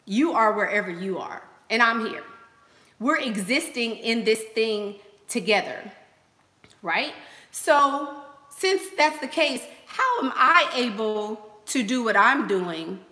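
Bright, chatty woman in an echoey room. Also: on the high side, lively intonation, slow. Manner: chatty, repeats phrases, many fillers. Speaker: host. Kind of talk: casual livestream advice talk.

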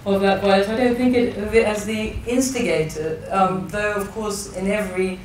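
Recorded from a distance in a large, echoey hall, a woman novelist from England in her thirties talks thoughtfully in a public conversation, hesitating and restarting often. Her medium-pitched voice keeps a steady tone and a moderate pace, over slight background noise.

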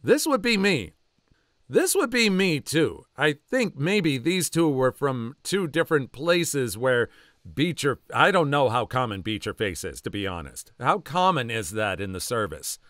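A man reading online stories aloud as narrator, with quick asides of his own between them. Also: mid-range voice, no echo, clean studio sound. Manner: animated storytelling with quick asides. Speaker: story narrator.

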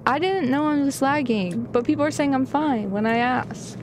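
High, lively young woman streamer. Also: moderate pace, few pauses, a little hiss or hum. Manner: excitable, gasping and giggling, chatting to viewers. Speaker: gaming streamer. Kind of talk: live gameplay commentary.

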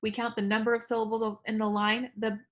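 A woman's voice: fairly high pitch, flat delivery, fast. Chatty woman teacher recording a lesson. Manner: chatty, self-correcting, laughs at own slips.

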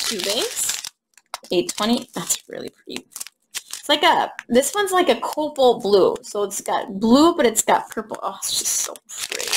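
A woman vlogger chatting casually while unboxing crafts, reading drill numbers slowly and gushing softly over the colors. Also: medium pitch, heavy background noise. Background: crinkling bags and clicks.

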